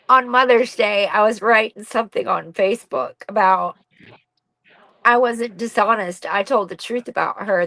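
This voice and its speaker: A woman's voice: mid-range voice, gravelly, fairly bright tone, no echo, rough recording. Blunt, raw-spoken middle-aged woman. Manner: blunt and raw, swears freely. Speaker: podcast guest, bereaved mother. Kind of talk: candid personal storytelling.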